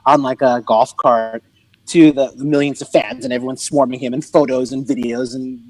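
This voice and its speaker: A man's voice: medium pitch, fairly even intonation, normal speed, no room sound, rough recording. A middle-aged man, a comedian guest, telling stories in conversation and acting out quoted lines with big swings. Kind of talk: conversational storytelling.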